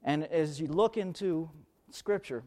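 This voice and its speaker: A man's voice: on the high side, unhurried, darkish tone. A man preaching a sermon, who leans hard on key words, repeats them, and thinks aloud while hunting for verses.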